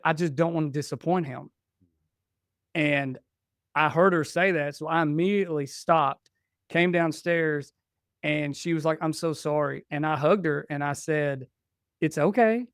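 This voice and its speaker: A middle-aged man speaks as a guest on a podcast, with a fairly high, smooth voice. He tells a family story in a heartfelt, conversational way. The recording is dry and close. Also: dry recording. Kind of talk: casual conversation, personal story.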